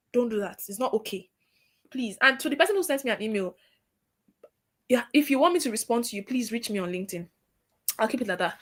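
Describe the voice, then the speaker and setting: High-voiced woman lecturing. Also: a little fast. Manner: lively, scolding, acts out caller voices. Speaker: workshop trainer. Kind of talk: lecture to trainees.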